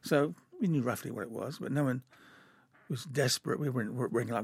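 A man's voice: medium pitch, quick pace, husky, no room sound. An older man from England, an animator, telling rambling, chuckling anecdotes in an interview.

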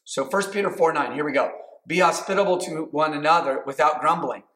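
Pastor, male, fairly high voice, conversational sermon, echoey hall sound. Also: a little fast, fairly bright tone. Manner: conversational preaching with many fillers and restarts. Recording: echoey room.

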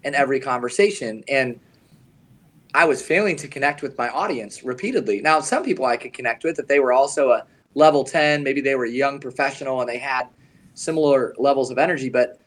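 A man co-hosting a podcast, telling a coaching story in an earnest, emphatic way and slowing down on his key points. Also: medium pitch, a bit bright. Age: adult, past his young advisor years. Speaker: podcast co-host, advisor coach.

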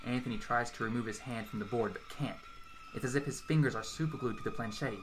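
A man reading a horror story aloud in a steady, measured storytelling voice. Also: mid-range voice, background noise. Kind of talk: dramatic horror story narration.

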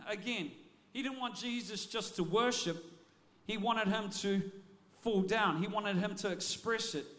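A man preaching a sermon as a pastor, energetic and often repeating words as he restarts his phrases. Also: high-pitched, a little slow.

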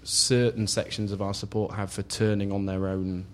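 Opinionated man, low voice. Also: level tone, moderate pace, slight background noise. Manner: opinionated, hedging with "you know". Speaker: podcast panelist. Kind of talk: casual football podcast chat.

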